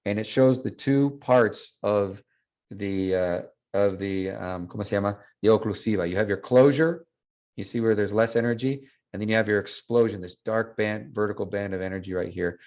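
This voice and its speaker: A man with a lowish, slightly mellow voice runs a Spanish lesson online, speaking at a moderate pace and blending English with Spanish as he patiently explains. The sound comes through a video call and is muffled and lo-fi.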